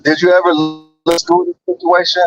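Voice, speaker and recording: A man's voice: high-pitched, level tone, moderate pace, faint music behind. A man calling in on his phone while driving, talking conversationally and repeating himself. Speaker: caller. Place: in a moving car. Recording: dull phone line with road noise.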